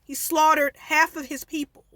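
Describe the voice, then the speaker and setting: Bright-voiced opinionated woman vlogger. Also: sits high, level tone, moderate pace, dry recording. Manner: opinionated, digressive, explains history. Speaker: commentary vlogger. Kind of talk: casual commentary.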